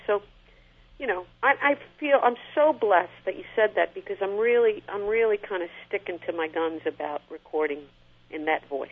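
A middle-aged woman speaks in a husky, slightly breathy voice. She is a guest in an interview who talks lively and warmly about singing. Her sound comes through a thin, phone-like line. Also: medium pitch, normal speed. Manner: animated, sings short snippets to illustrate. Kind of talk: conversational interview.

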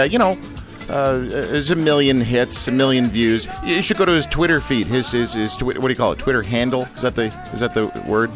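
Man, radio host, from Canada, rambling, chatty, fillers, faint music behind. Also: medium pitch. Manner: rambling, joking, many fillers. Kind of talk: casual radio chat.

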